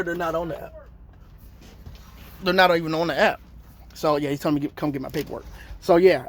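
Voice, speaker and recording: A man's voice: a little high, a little hiss or hum. A man in his thirties, a truck driver telling a story in a casual, slangy vlog and acting out his phone calls.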